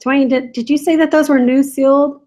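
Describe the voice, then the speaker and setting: A woman's voice: sits high, steady tone, normal speed, a little mellow, low-quality recording. A woman chatting casually on a home live stream, giggling and reading viewer comments aloud. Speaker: reseller vlogger. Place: home, in a room with barking dogs.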